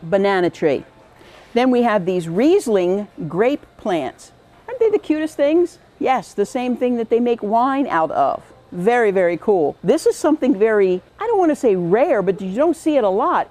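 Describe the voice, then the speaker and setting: A woman's voice: fairly high pitch, sing-song, moderate pace, hardly any pauses, a little mellow. A woman hosting a farm store's own show, walking viewers through its products with chatty enthusiasm. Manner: chatty and enthusiastic, repeats "really, really". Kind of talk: upbeat product tour.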